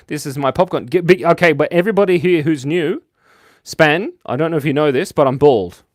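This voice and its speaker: A man's voice: on the high side, moderate pace, pauses often, no echo, clean studio sound. A young Australian man hosting a casual drawing livestream, chatty and jokey, reading the chat aloud and laughing often. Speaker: livestream host and cartoonist.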